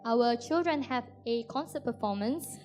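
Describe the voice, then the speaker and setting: A woman's voice: fairly high pitch, animated, moderate pace, darkish tone, faint music behind. A woman interpreting a couple's talk live, sometimes restarting and correcting herself. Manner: restarts and self-corrections while translating.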